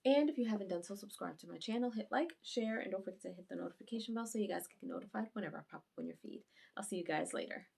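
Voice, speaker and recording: A woman recapping an anime episode on her channel in a chatty, animated way, full of fillers. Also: mid-range voice, very fast, gravelly, husky. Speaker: anime review YouTuber. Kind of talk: casual episode recap review.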